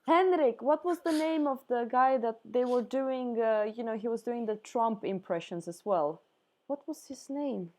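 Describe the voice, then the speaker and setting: A woman's voice: on the high side, normal speed, a little mellow. A woman hosting a casual art livestream, chatty and giggly, often trailing off mid-sentence. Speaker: livestream host. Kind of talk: casual chat.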